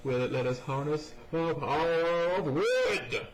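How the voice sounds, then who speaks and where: A young man talks through a video game in an unhurried, goofy way. His voice sits a little high and jumps all over the place. He reads the game's lines aloud over a faint hiss from a cheap microphone. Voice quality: goofy, pitch jumping around. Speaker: gamer. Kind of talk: let's play commentary.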